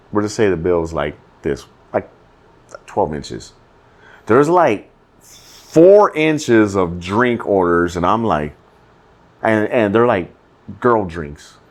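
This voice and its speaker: Young man, deep voice, casual podcast storytelling, cursing, animated quotes. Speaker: podcast co-host.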